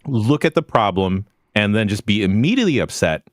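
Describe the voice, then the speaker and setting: A man's voice: lowish voice, fairly quick, dry recording, clean studio sound. A man chatting as a guest, telling stories animatedly and acting out the people he quotes. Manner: animated storyteller, acts out quoted voices. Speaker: podcast guest and voice actor. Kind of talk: casual chat, storytelling.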